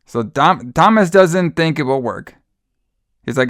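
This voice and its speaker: A man's voice: on the high side, lively intonation, measured pace, fairly bright tone, dry recording, clean studio sound. A man co-hosting a podcast, recapping a film in casual, exasperated, profane chat with frequent sighs. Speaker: podcast co-host.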